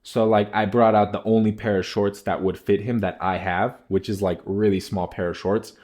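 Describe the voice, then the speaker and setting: A man's voice: on the low side, little pitch movement, moderate pace, a little mellow. A young man telling a rambling casual story, packed with filler words.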